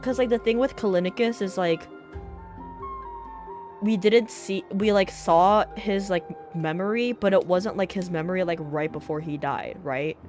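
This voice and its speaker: A woman's voice: lowish voice, measured pace, a little mellow, faint music behind. A woman streamer giving casual reaction commentary, chatty and full of filler words.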